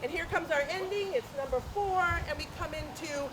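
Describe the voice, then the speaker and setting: A woman's voice: high voice, moderate pace, very noisy. A woman teaching a flamenco dance class, energetically counting beats aloud and mixing in Spanish counts. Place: dance class, community TV broadcast.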